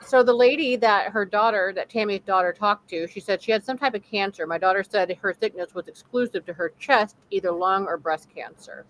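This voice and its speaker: A woman's voice: medium pitch, fairly quick, hardly any pauses, fairly bright tone, slight background noise, rough recording. A middle-aged woman co-hosting a paranormal talk show over a video call, chatty and supportive. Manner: chatty, supportive with frequent affirmations. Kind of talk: casual conversation.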